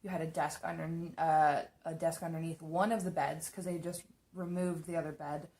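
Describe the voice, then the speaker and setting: A woman's voice: deep voice, moderate pace. A young woman casually telling spooky personal stories from her apartment, chatty and swearing freely. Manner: chatty, swears often, animated retelling. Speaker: beauty vlogger. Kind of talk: casual storytelling.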